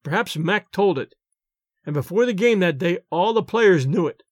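Expressive, high-voiced male storyteller. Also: normal speed, no echo, clean studio sound. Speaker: narrator. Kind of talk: audiobook narration of a period short story.

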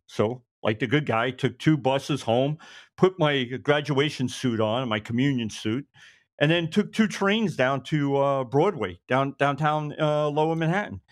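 Animated storyteller. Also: male voice, mid-range voice, a little slow. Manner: animated, acts out others' lines in quotes. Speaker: retired police officer, guest. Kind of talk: anecdotal storytelling.

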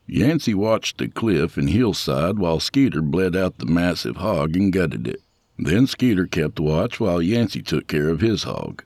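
A man narrating an audiobook thriller in an expressive storytelling manner, voicing all the characters. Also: low-pitched, unhurried, dry recording, studio quality. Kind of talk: scripted narration.

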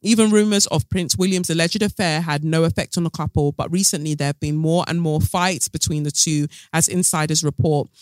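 A man's voice: fairly high pitch, steady tone, fairly quick, few pauses, no echo. A man hosting a podcast, chatting through celebrity gossip with sassy, sarcastic asides. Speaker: podcast host. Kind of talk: casual gossip commentary.

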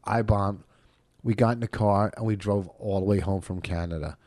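A man's voice: fairly low pitch, normal speed, a little mellow, no echo, studio quality. A man co-hosting a casual comedy podcast, telling blunt stories with plenty of swearing. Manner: swears a lot, blunt storytelling. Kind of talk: casual chat.

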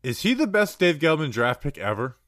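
A man's voice: fairly high pitch, fairly quick. A young man co-hosting a casual sports talk show, rambling through stats with lots of restarts. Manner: rambling, restarts often, energetic about stats. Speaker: podcast co-host.

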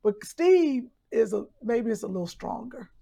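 A woman with a Cleveland accent, chatting casually as a co-host, teasing and given to loud exclamations. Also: fairly high pitch, lively intonation, moderate pace, gravelly. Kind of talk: casual chat.

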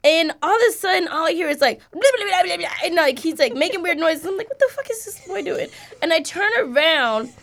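A young woman, a mother and podcast host, telling a story in casual chat, expressive, swearing and laughing often. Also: extremely high pitch, fairly quick, few pauses.

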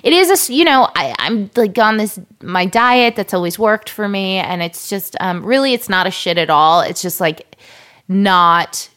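A woman's voice: mid-range voice, lively intonation, moderate pace, fairly bright tone. A woman in her thirties co-hosting a podcast, chatting casually with lots of fillers and telling stories about her little son. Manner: chatty, many fillers, tells stories with playful voices. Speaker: podcast co-host. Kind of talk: casual chat.

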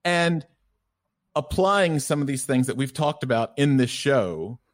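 A middle-aged man from the American South, a sex therapist guest on a podcast, telling relaxed stories with lots of fillers. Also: medium pitch, measured pace. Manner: relaxed storytelling, filler-heavy. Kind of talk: conversational podcast interview.

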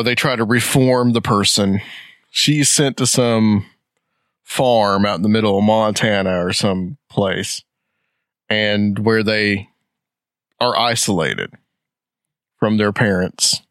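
A man's voice: lowish voice, a bit bright, dry recording, studio quality. A man co-hosting a casual podcast, joking, drifting into tangents and laughing often. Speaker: podcast co-host. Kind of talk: casual chat.

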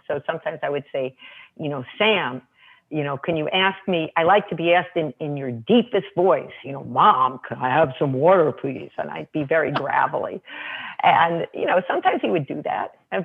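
A woman's voice: lowish voice, gravelly, husky. A woman guest author telling parenting anecdotes in casual chat, full of "you know" and small restarts. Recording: tinny phone line.

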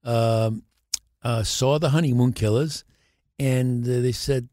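An older actor telling animated show-business stories as a podcast guest, acting out the voices of others. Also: male voice, mid-range voice, slow, dry recording, studio quality. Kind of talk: anecdotal storytelling.

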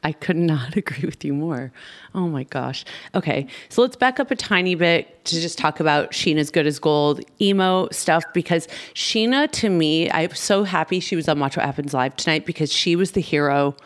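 A woman's voice: low voice, lively intonation, normal speed. A woman hosting a podcast, chatting casually and emphatically with frequent laughs. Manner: gushing, emphatic, laughs often. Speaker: podcast host. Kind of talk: casual chat.

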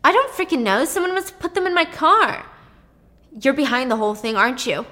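A woman's voice: high voice, expressive, fairly quick, bright, forceful tone, voice pushed up. A woman voicing a panicked, paranoid young man who swears and lashes out while retelling a story. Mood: accusing. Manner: frantic, swearing, accusing.

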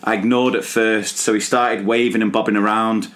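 A man who teaches, co-hosting a casual podcast and reading listener stories aloud with lively quoted voices. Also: lowish voice, moderate pace. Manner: animated, puts on voices for quotes.

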